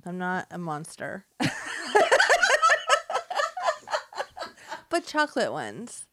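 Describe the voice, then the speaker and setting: A woman's voice: mid-range voice, lively intonation, normal speed, heavy background noise. A woman co-hosting a podcast, talking casually and bluntly, laughing often and swearing in fun. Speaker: podcast co-host. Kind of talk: casual chat.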